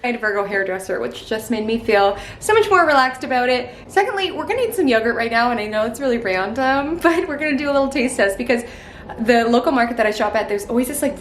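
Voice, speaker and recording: A woman's voice: on the high side, a little hiss or hum. A woman chatting in a casual vlog, bubbly and gushing. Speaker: astrology vlogger.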